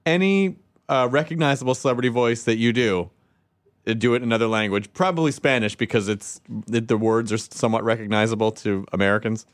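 A man's voice: medium pitch, a little fast. Joking male podcast host. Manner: joking banter. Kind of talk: casual chat.

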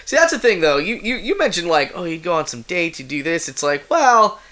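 A man's voice: sits high, sing-song, fairly quick, bright, forceful tone. A man in casual podcast chat, rambling through silly hypotheticals with swearing and frequent laughter.

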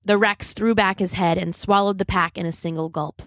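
A woman reading a children's adventure story aloud, steady and dramatic. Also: mid-range voice, normal speed, dry recording, studio quality.

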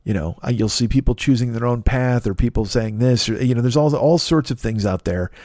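A man's voice: mid-range voice, brisk, dark tone, no echo. A man hosting a podcast in a casual solo monologue, rambling and self-critical with many restarts. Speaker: podcast host.

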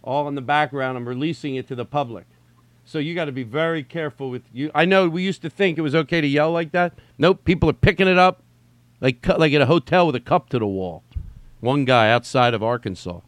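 A man's voice: fairly high pitch, brisk, no room sound. A man hosting a solo podcast from home, talking in a rambling, digressive way, swearing and repeating himself. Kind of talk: rambling casual monologue. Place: at home during quarantine.

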